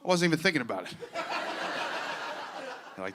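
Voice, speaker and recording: A man's voice: fairly high pitch, very animated, brisk, long pauses, fairly bright tone. Profane, self-deprecating male stand-up comic. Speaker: stand-up comedian. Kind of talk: stand-up set. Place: comedy club stage. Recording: live set with clear background noise.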